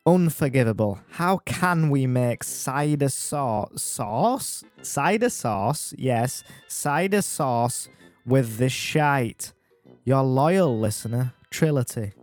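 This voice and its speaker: A man's voice: medium pitch, lively intonation, slow pace, no echo, voice pushed up. A man putting on a pompous, outraged voice for a fussy complaint letter, stretching out his words, with faint music behind. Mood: indignant.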